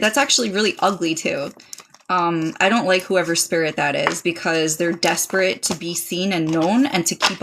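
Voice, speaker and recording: A woman's voice: mid-range voice, noisy background. A woman streaming a live tarot reading, chatting casually and dramatically, pouring thanks on her viewers. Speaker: livestream tarot reader.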